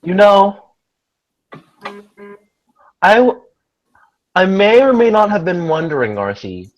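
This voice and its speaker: Bubbly, teasing bunny-eared young woman with a high, sweet lilt played by a man for a tabletop game. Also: lo-fi sound, exaggerated voice.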